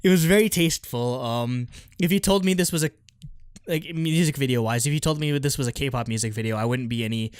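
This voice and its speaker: A man's voice: medium pitch, fairly quick, clear, resonant tone, no room sound. Guy co-hosting a pod, rambly and laughing a lot, super dry close sound. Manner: chatty, lots of "like" and laughs. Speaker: podcast co-host. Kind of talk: casual chat.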